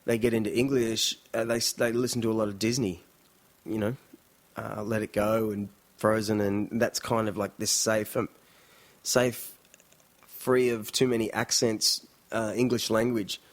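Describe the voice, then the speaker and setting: A man's voice: lowish voice, level tone, measured pace. A man with an Australian accent chatting casually and rambling in a vlog. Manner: chatty, rambling, full of fillers and impressions. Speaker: vlogger.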